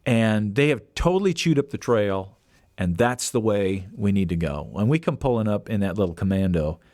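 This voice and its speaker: A man hosting a podcast, telling a casual story in an animated way and acting out the voices he quotes. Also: on the low side, moderate pace, no room sound, clean studio sound. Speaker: podcast host.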